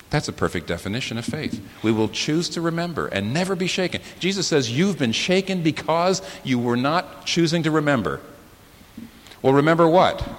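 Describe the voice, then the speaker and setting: A man preaching a sermon as the pastor, swinging from low, slow, weighty phrases to sudden high, loud outbursts. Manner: impassioned preaching with sudden rises in pitch and volume and slow, weighty pauses. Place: church sanctuary. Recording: sermon in a large reverberant hall with faint hiss.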